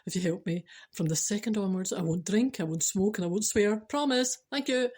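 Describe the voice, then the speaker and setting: A woman's voice: medium pitch, brisk, darkish tone, lightly acted. Scottish woman voicing a panicked man pleading with God. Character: panicked man praying with foot stuck.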